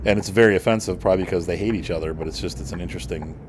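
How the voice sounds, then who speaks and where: A man's voice: low-pitched, very fast, slight background noise. An American man hosting a gaming channel, rambling through casual commentary with many fillers and restarts while he plays. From United States.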